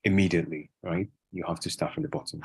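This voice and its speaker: A man's voice: sits low, animated, quick pace, breathy edge, rough recording. A man answering interview questions about learning pronunciation, often repeating phrases and adding "yeah" and "right?". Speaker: guest. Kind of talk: casual interview.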